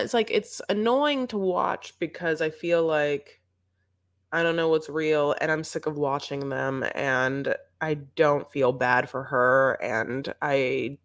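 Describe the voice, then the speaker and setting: A woman's voice: low-pitched, fairly bright tone. A young woman co-hosting a TV recap show, chatting casually in a sarcastic, rambling way. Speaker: co-host of a reality TV recap show. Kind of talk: casual chat.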